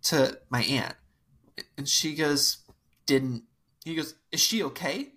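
A woman's voice: sits low, lively intonation, unhurried, a bit bright, slightly rough. A woman co-hosting a podcast, chatting casually and telling family stories, acting out relatives' lines. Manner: storytelling, quoting family in put-on voices. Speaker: podcast co-host. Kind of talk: casual chat.

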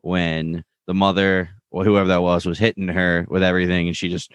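Male co-host, low voice, dry close mic, lively scene recap. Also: brisk, smooth, no room sound, lo-fi sound. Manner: animated retelling, quotes lines in put-on voices. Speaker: podcast co-host recapping a show. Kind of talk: casual chat.

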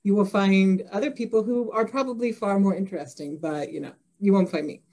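A woman's voice: medium pitch, brisk, mellow. A woman from Indiana, an author guest in a casual interview, laughing and self-deprecating with many fillers. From Indiana, USA.

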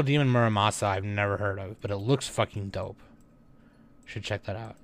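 A young man hosting a news podcast, reading headlines and adding relaxed offhand comments with lots of fillers. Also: fairly low pitch, moderate pace. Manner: reads headlines, then adds relaxed offhand remarks with many fillers.

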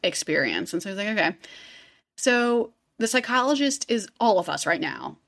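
A woman's voice: medium pitch, very animated, normal speed, vocal fry, a bit bright. A woman in a casual podcast chat, telling the story loosely and full of filler words. She acts out the people she quotes and laughs along as she goes. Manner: chatty storyteller, heavy 'like', acts out quotes, laughs often. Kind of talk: casual true-crime chat.

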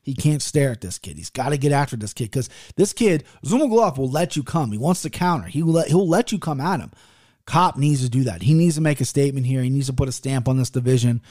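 A man talking through his fight-betting picks in a loose, profane monologue. He trips over his own sentences and wanders off topic. He speaks at an ordinary mid-range pitch, and the recording is close and dry, with no room sound. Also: lively intonation, fast, darkish tone, dry recording. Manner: profane and rambling; restless, self-interrupting.

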